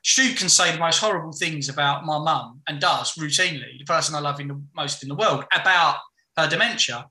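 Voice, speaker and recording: A man's voice: a little high, brisk, pushed and bright, roomy sound, low-quality recording. A man, a podcast guest, chatting frankly and rambling through stories with lots of restarts. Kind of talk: casual chat.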